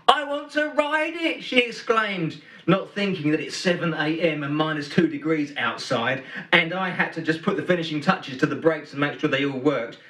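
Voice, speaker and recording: A middle-aged man giving a Christmas sermon as pastor, telling a story and swinging between loud emphasis and hushed words. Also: on the high side. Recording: roomy hall, from a distance.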